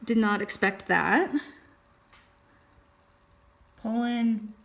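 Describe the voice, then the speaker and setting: A woman's voice: on the high side, fairly even intonation, very slow, vocal fry, a bit bright. A young woman vlogger talking casually at her computer, thinking aloud as she reads through results. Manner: chatty, thinking aloud while reading results. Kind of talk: casual vlog talk.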